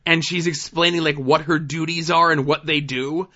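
A man's voice: on the high side, fairly even intonation, moderate pace, sharp tone, lo-fi sound. A man co-hosting a casual podcast, recapping TV episodes in a laid-back, dry way with plenty of fillers. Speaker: podcast co-host.

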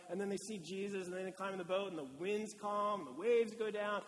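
A male pastor gives a casual, lively sermon and slips into short acted-out quotes. His voice sits high for a man. The sound carries a long reverb, as in a large church hall. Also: a little fast. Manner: conversational and animated, acting out quotes.

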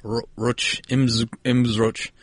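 Man, podcast co-host, casual banter, swears a lot, mid pitch, dry close sound. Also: flat delivery, slow pace, no echo. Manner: joking, swears freely, laughs often. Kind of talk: casual chat.

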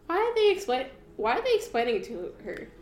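A young woman co-hosts a podcast, chatting casually and giggling through a film watch-along, with lots of fillers. Her high voice is a little mellow, fast-talking, with huge pitch swings. The recording has a roomy echo.

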